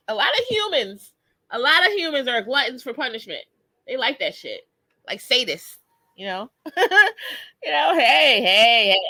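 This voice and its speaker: A woman's voice: mid-range voice, a bit bright, dry recording. A woman in her thirties hosting a live motivational stream, talking casually and often laughing as she greets viewers. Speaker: host.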